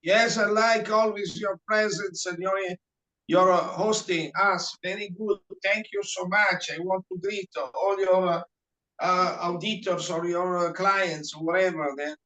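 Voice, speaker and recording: A man's voice: sits high, steady tone, measured pace, pushed and bright, poor audio. A man, a guest explaining his ideas in casual chat, hesitant with many fillers as he searches for English words. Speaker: guest, reflexologist.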